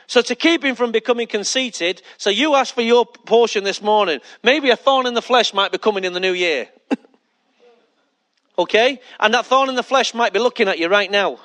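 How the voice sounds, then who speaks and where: A man's voice: high-pitched, normal speed, a bit bright. A male pastor preaching a sermon emphatically, repeating key lines and putting questions to the congregation.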